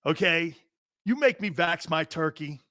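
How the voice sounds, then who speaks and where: A man hosting a sports talk show, rambling loudly with jokes and swearing. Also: a little high, lively intonation, a little slow, no echo, clean studio sound. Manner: loud, rambling, jokey, swears freely. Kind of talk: casual sports talk monologue.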